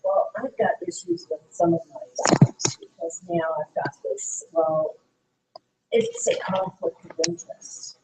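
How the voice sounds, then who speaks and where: A woman's voice: fairly low pitch, very animated, measured pace. A woman at a training session, speaking hesitantly as a prospect in a practice exchange. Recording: distant mic, loud background noise.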